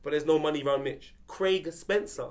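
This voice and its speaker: A man trades teasing football banter. His voice sits slightly high, and he tells stories in an animated way. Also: normal speed. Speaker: panel regular.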